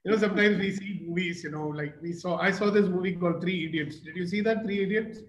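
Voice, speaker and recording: Older man, Indian English accent, high voice, playful storyteller, live group talk, roomy echo with faint hiss. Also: quick pace. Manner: playful, storytelling, asks the audience questions. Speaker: motivational speaker. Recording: echoey room with faint noise.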